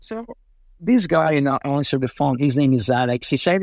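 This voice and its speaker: A man from Brazil, an interview guest telling casual, animated stories with many fillers and acted-out quotes. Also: on the high side, normal speed, creaky, no room sound, clean studio sound. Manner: animated, acts out quoted voices, frequent fillers. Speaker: interview guest, racing driver. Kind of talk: casual storytelling.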